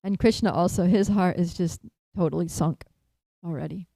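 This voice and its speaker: A woman speaker at a temple feast, telling a devotional story in an animated way, laughing often and using many fillers. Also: lowish voice, moderate pace, gravelly, no room sound, low-quality recording.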